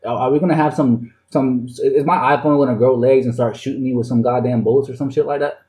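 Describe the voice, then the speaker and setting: A man's voice: medium pitch, steady tone, fast, a little mellow, rough recording. Mock-ranting male podcast co-host. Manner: mock-ranting, slangy, stammers on restarts. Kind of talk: casual studio banter. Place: podcast studio.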